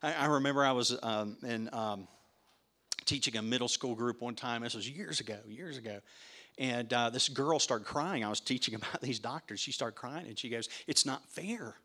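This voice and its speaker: A man's voice: medium pitch, normal speed, pushed and bright. A man preaching a sermon in a conversational way, asking his listeners questions and repeating words as he starts his sentences. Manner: conversational, asks the audience questions. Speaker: pastor. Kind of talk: interactive sermon teaching.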